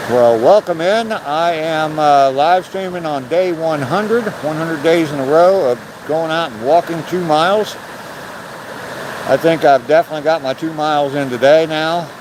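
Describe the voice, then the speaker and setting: A man's voice: on the high side, moderate pace, background noise. An older man hosting a casual livestream, chatting loosely and swearing now and then as he walks down a rocky trail by a waterfall. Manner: walking down a rocky trail while talking. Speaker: livestreaming vlogger. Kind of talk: casual live-stream chat. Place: outdoor forest trail by a waterfall.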